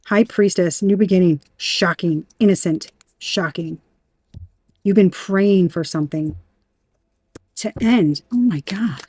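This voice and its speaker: A woman giving a tarot reading in an emphatic, animated way, talking straight to the viewer and swearing now and then. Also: on the low side, a little slow, breathy edge, no echo. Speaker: tarot reader.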